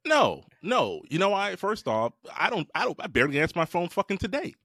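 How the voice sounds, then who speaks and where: A man's voice: high voice, a little fast, husky, no echo, clean studio sound. A male podcast host in casual chat, ranting with lots of swearing. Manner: animated, profane ranting.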